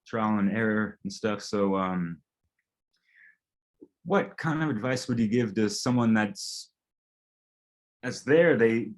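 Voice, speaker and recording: A man's voice: lowish voice, takes it slowly, pauses often. A man interviewing an old friend in casual chat, hesitant, with many fillers and trailing thoughts.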